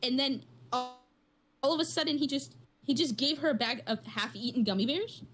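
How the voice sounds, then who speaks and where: A woman's voice: sits high, moderate pace, fairly bright tone, soft background music. A woman co-hosting a podcast, telling an amused story in casual chat. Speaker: podcast co-host.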